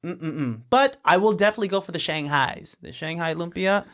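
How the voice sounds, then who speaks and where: A man's voice: a little high, expressive, a little fast, fairly bright tone. A man hosting a podcast, chatting casually in a laid-back, joking way. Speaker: podcast host. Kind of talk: casual chat.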